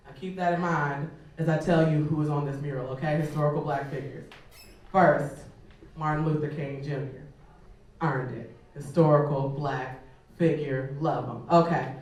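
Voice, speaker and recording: A Chicago woman with a low voice performs a stand-up set on a comedy club stage, speaking at normal speed. She's animated and conversational, swearing and using lots of fillers. The recording is echoey, picked up by a distant mic.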